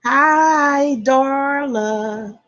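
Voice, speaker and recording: A woman's voice: high voice, very slow, fairly bright tone, highs cut off. A woman hosting a casual livestream from a room at home, chatting, laughing often and greeting her viewers by name. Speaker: tarot reader hosting a livestream. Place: indoor room with air conditioner and fans.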